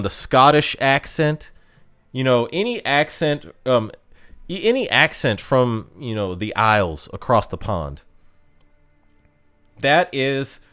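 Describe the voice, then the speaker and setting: Chatty American man, lively pitch. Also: clear, resonant tone. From United States. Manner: rambling and chatty, lots of fillers and restarts. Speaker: streamer. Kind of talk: casual live-stream chat.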